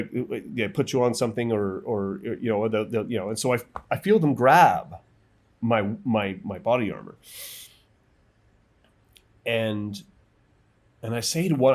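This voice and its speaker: Man retelling a blast in halting bursts. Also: mid-range voice. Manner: vivid, halting retelling with quoted voices and restarts. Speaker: guest, military veteran. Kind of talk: personal storytelling.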